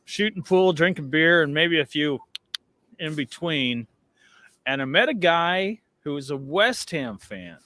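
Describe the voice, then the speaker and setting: A man's voice: on the high side, a little slow. Tired, stammering man on a fan show. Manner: stammering restarts, animated. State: tired after a night out. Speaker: regular panelist on a fan show. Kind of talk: casual football chat.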